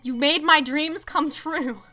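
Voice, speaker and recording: A young woman streamer with a high, bright voice, chatting casually and gushing over her viewers. She stammers and trips over her words when excited. Soft game music plays faintly behind her. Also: takes it slowly. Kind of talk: casual live-stream chat.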